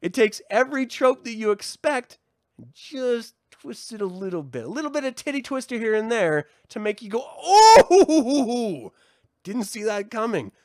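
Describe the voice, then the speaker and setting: A man hosting his own podcast, excitedly chatting, laughing and swearing often. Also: very high-pitched, moderate pace, dry recording, studio quality. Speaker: podcast host. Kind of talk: casual podcast chat.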